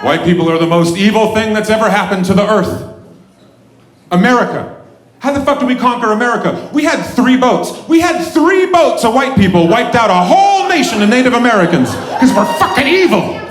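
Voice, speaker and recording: A man in his forties doing a crude, self-mocking stand-up set on a comedy club stage, breaking into shouted bits. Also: sits high, animated, brisk. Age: 40s. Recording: roomy club with loud crowd. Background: audience laughter.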